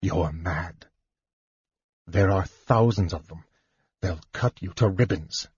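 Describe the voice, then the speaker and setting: A man voicing an earnest, honorable young knight who speaks in a measured, controlled way, on a muffled lo-fi recording. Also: low-pitched, darkish tone, slightly rough, dry recording, voice pushed down, heavily acted. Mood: shaken.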